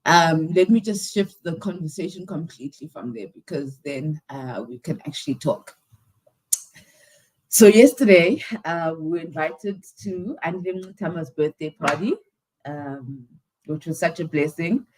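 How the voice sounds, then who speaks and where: A teary woman hosts a live stream, her breathy voice close to crying. She talks slowly and haltingly, sighing between phrases. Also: deep voice, darkish tone, poor audio. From South Africa. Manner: halting, with many sighs and pauses. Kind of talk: casual live-stream talk.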